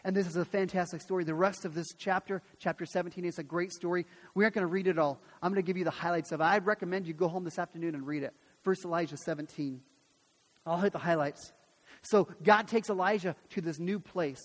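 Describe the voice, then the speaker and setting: A pastor preaching a sermon and retelling a Bible story, acting out the voices of its people in a lively way. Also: male voice, high voice, quick pace, long reverb tail. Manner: animated storytelling, acts out voices.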